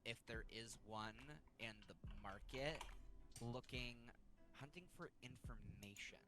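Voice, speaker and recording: Player, middle pitch, hesitant casual talk. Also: music in the background. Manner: hesitant, halting.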